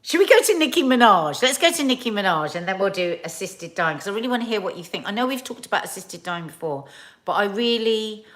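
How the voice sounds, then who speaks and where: A woman's voice: medium pitch, animated, fast talker, a bit bright. A woman in her forties chatting casually on a livestream, rambling and reading viewers' comments as host. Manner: chatty, rambling, with fillers and laughs.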